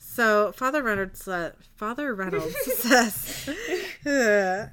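A woman with a bright, ringing voice retells a TV episode for a podcast. She slips the characters' lines in without changing her voice and laughs easily along the way. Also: mid-range voice, slow pace. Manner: reads character lines plainly, giggly. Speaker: podcast co-host recapping a TV episode. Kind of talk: casual chat, retelling scenes.

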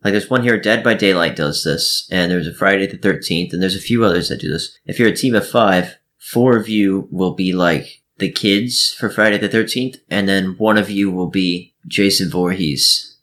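A man chatting casually as a co-host, animated and playful as he tells stories. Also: sits low, normal speed, hardly any pauses. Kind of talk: casual chat.

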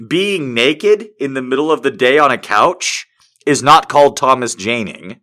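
Man with a sharp, bright voice. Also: medium pitch, unhurried. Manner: crude, profane, excitable asides. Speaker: host reading fan fiction aloud. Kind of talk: comic reading with commentary.

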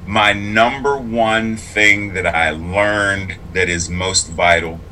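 A man's voice: fairly low pitch, fairly even intonation, takes it slowly, pushed and bright, a little hiss or hum, rough recording. A man who is both clergy and a public school teacher, speaking in a casual interview in an earnest, reflective and emphatic way.

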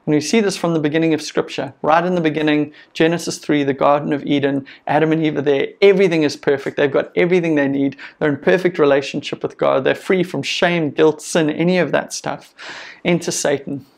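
A man's voice: on the high side, steady tone, fairly quick, gravelly. A man preaching a sermon as pastor, earnest and encouraging, with conversational asides to the congregation.

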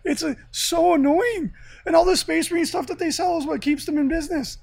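A man co-hosting a podcast, chatting casually and excitably about tabletop miniatures with jokes and mock rants. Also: extremely high pitch, a little fast, gravelly, no echo. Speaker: podcast co-host. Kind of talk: casual hobby chat.

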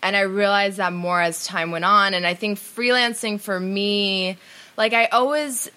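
A young woman from New York, chatting as a guest in an interview and telling stories in a casual way, sometimes dropping to a quiet voice. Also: medium pitch, fairly even intonation, unhurried.

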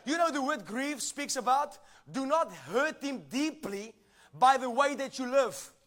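A man with a strikingly high voice delivers a sermon. He preaches emphatically, drawing call-and-response from the congregation and rising to shouted lines. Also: expressive, measured pace.

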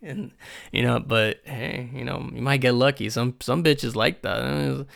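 Hoarse young guy with a raspy, gravelly voice, just rambling off the dome on his podcast, cussing a lot, tons of likes. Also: medium pitch, fairly even intonation, a little slow, fairly bright tone. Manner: rambling, swears a lot, many fillers. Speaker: podcast host. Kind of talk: casual unscripted podcast monologue.

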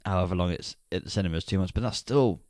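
Chatty man, low, dry sound. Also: quick pace, no room sound. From Yorkshire, England. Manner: relaxed, chatty, laughs easily. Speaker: podcast co-host. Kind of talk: casual film podcast chat.

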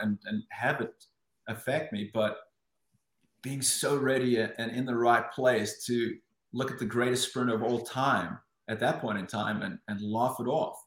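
This South African man, a former Olympic swimmer appearing as a guest, tells a story in a casual interview at normal speed and in a mid-range voice. The room echoes. He's animated, frequently restarting and acting out inner voices.

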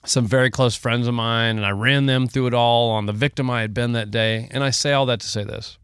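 Rambling storyteller man with smooth dry voice. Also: mid-range voice, fairly even intonation, fairly quick, fairly bright tone, no echo. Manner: rambling storyteller, emotional, laughs often. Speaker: podcast co-host. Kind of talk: casual chat.

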